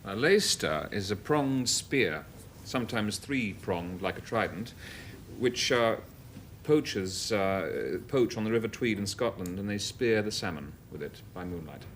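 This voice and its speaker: A man guest on a panel game, giving a definition in a steady, matter-of-fact way. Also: lowish voice, unhurried, slight background noise.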